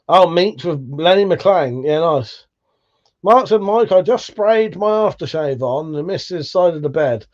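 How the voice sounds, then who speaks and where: British male streamer, casual, swears a lot, slightly high voice. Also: expressive, a little slow, a little mellow, dull audio. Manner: laid-back, swears freely, chuckles often. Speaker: livestream host. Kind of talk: casual live chat, reading out viewer comments.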